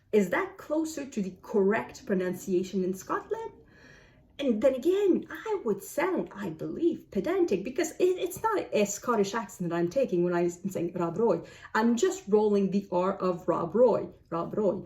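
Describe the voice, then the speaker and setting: A woman's voice: medium pitch, sing-song, normal speed, dark tone. A woman whose first language is French, talking to camera as a book vlogger, musing aloud and asking herself questions. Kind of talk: casual talk to camera.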